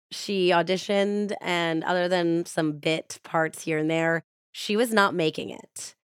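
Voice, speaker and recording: A woman's voice: on the low side, smooth, no room sound, studio quality. A woman podcast host telling a true crime story in a casual, chatty way, with frequent "like".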